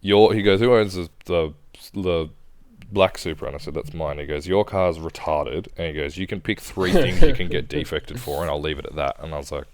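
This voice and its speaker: Young Aussie guy, podcast co-host, deep smooth voice, dry close sound, relaxed and sweary. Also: brisk, no room sound. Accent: Australian. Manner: laid-back, swears often. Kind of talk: casual storytelling chat.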